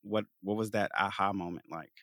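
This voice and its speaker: Animated man host who repeats words. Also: on the low side, fairly quick, no echo, studio quality. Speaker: podcast host. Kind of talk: casual interview chat.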